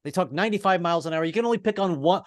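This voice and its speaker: A middle-aged American man doing an online stand-up set, halting and restarting, with deadpan punchlines. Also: high voice, no echo, clean studio sound. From American East Coast. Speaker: stand-up comedian. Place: home in Brooklyn, online show.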